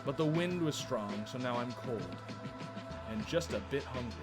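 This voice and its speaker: A man's voice: mid-range voice, animated, moderate pace, over loud music, lightly acted. Man reading as a sweet, hungry giantess. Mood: coaxing. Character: giant young woman, sweetly teasing and hungry. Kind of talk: reading game dialogue aloud.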